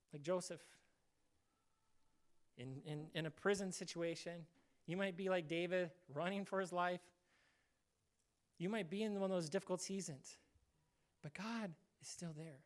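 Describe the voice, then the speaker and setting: A man's voice: high voice, a little slow, long pauses. A male pastor giving a casual, conversational sermon, acting out short quoted voices now and then.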